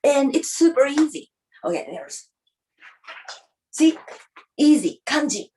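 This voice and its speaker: A woman's voice: a little high, a little mellow, reverberant, recorded from a distance, slight background noise, rough recording. A woman doing stand-up, playfully teaching like a teacher. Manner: playful, teacherly, acts out characters with her body. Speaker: stand-up comic. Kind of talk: stand-up comedy.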